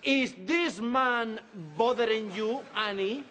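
An actor playing a boisterous, protective neighbour with an Argentinian accent in a sitcom for English learners. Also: male voice, extremely high pitch, takes it slowly, sharp tone, a little hiss or hum, heavily acted. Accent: Argentinian Spanish. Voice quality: heavily accented, emphatic.

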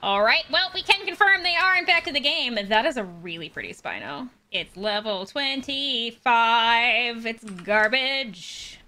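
A young woman playing a video game and commenting on it, chatty and animated, jumping between high squeals and low mutters and cooing at the creatures on screen. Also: measured pace, few pauses. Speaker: gaming streamer. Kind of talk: let's play commentary.

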